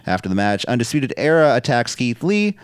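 A man's voice: medium pitch, very animated, brisk, clean tone, no echo, clean studio sound. A man co-hosting a podcast, casually recapping wrestling matches, swearing and laughing now and then. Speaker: podcast co-host.

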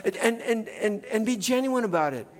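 A middle-aged male pastor preaching in a church, in a relaxed conversational way, often tagging "right?" onto his points. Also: high-pitched, moderate pace, big-room sound. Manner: conversational, keeps adding "right?". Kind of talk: sermon. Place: church sanctuary.

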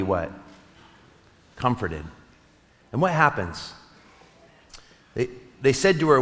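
Man, pastor, earnest sermon, soft slowed pauses, echoing sanctuary. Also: medium pitch, sing-song. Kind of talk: Easter sermon. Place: church sanctuary. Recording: long reverb of a large hall.

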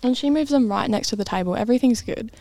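A woman's voice: fairly high pitch, fast, dark tone, no room sound. Chatty young woman telling a story. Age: young adult. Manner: chatty, lots of "like", acts out quoted voices. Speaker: bowling alley party host telling a story. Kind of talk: casual storytelling chat.

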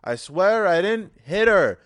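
A man doing an impression of a famous filmmaker, delivering loud, halting, indignant denials in a raised voice. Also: sits high, sing-song, pitched above the performer's own voice, exaggerated voice.

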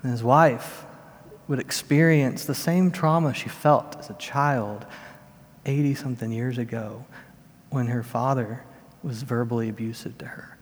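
A man in his thirties delivering a sermon as a pastor, in an earnest, measured storytelling manner. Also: medium pitch. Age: 30s. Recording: long reverb of a large hall.

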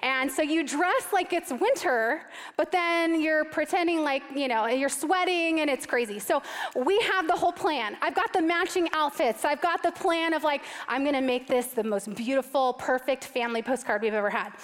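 A woman in her thirties giving a sermon, telling a self-mocking family story in an animated way before turning to scripture. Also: high-pitched, normal speed. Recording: long reverb of a large hall.

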